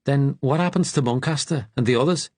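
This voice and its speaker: A man's voice: medium pitch, brisk, a little mellow, breathy edge, no room sound, pitched above the performer's own voice, close to an everyday voice. A man voicing an indignant male resistance fighter with a Liverpool accent. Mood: worried. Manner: indignant, protesting.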